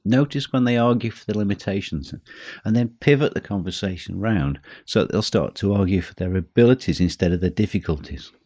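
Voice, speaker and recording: A man hosting a teaching podcast, talking in a measured way and slowing down for emphasis. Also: on the low side, lively intonation, a little mellow, no echo, clean studio sound. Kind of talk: scripted podcast talk.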